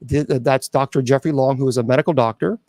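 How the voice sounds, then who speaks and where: A man's voice: mid-range voice, steady tone, darkish tone, no room sound. Earnest middle-aged man, dry close sound. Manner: earnest, halting with restarts and fillers. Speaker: host. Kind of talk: personal testimony to an audience.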